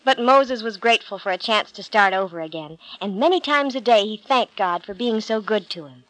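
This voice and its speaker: A woman reading a Bible story aloud, calm and clear in her storytelling. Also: medium pitch, fairly quick, dry recording, poor audio.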